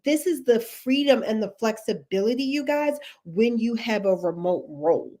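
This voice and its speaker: A Texan woman with a slightly raised pitch talks in a casual livestream as a career coach. She is chatty and laughs often, and she greets viewers by name as she goes. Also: expressive, normal speed, darkish tone. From Texas.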